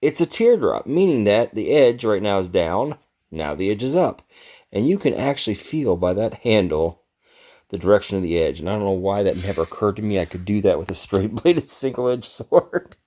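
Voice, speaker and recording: A man's voice: fairly low pitch, sing-song, normal speed, mellow. A man talking casually on camera as he shows off his swords, rambling and poking fun at himself. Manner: rambling, self-deprecating, chuckles at himself. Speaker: sword collector reviewing his gifts. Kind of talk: casual show-and-tell vlog.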